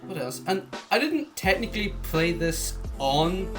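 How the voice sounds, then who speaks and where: A man's voice: sits high, very animated, measured pace, over music. Rambling young man, casual chat. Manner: rambling, chuckling, trails off into mumbles. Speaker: podcast co-host.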